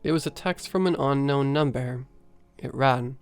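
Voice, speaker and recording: A man reading a first-person horror story aloud in a steady storytelling manner. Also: medium pitch, normal speed, dry recording. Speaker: story narrator.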